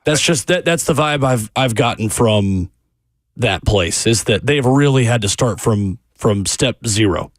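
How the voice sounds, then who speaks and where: A man's voice: mid-range voice, animated, a little slow, no room sound. A man hosting a sports radio show, pressing his co-host with pointed questions.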